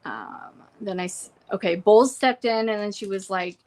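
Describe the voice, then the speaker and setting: A young adult woman casually recapping courtroom notes from home, reading quotes and adding quick asides. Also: medium pitch, darkish tone. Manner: reads court quotes then adds asides. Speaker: trial reporter. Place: home room with pets.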